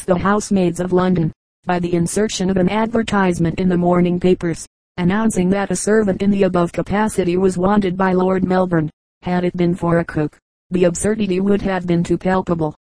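A woman reading a comic periodical aloud as an audiobook, in a measured, even manner. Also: lowish voice, no echo, poor audio. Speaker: audiobook reader.

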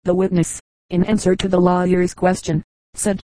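A woman narrating an audiobook of humorous anecdotes in an even, unhurried reading voice. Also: lowish voice, no room sound, rough recording. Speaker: audiobook reader.

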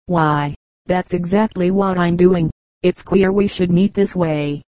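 Keen young guy off to be a census agent, low mellow voice, pretty flat, woman reading him. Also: measured pace, no room sound, lightly acted, low-quality recording. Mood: eager.

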